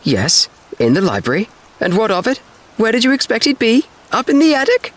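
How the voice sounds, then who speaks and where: A man voicing a fussy, scolding elderly aunt in a high, indignant falsetto. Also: huge pitch swings, a little fast.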